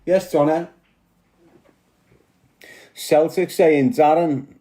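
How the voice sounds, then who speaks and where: Scouse guy ranting and swearing at chat, kinda high mellow voice, echoey room. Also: fairly even intonation, extremely slow. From Liverpool. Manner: aggressive, swearing, confrontational. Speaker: live stream host.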